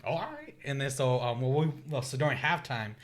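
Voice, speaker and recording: Speaking briskly in a mid-range voice, this thirtysomething podcast guest chats casually and tells stories. He performs the quoted dialogue with plenty of energy, and curses and laughter come often.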